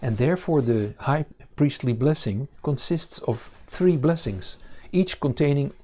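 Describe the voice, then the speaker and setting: Slow, halting man teaching scripture. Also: mid-range voice, animated, dark tone. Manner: halting, many fillers and restarts. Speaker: congregation teacher. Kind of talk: bible teaching.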